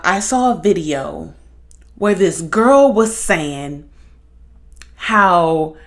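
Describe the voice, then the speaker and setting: A young woman hosting a podcast, talking in a blunt, profane, animated monologue. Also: lowish voice. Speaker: podcast host. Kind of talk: casual monologue.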